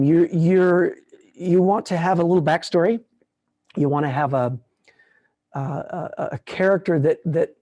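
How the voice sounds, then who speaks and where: A man in his sixties, a puppeteer, talking casually at an online conference and answering questions, relaxed and rambling with many restarts. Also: on the high side. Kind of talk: casual talk and Q&A.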